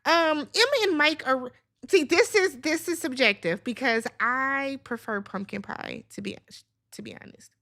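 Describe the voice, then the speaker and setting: A woman from Milwaukee hosting a casual talk show, playful and animated with lots of laughter. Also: sits high, moderate pace. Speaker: show host. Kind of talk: casual podcast chat.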